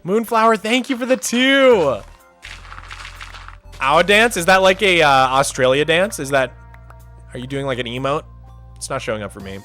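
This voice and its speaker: A man's voice: a little high, expressive, normal speed, long pauses, sharp tone, faint music behind. A man streaming a game, chatting casually, answering viewer questions and thanking donors as they come in. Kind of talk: casual livestream chat.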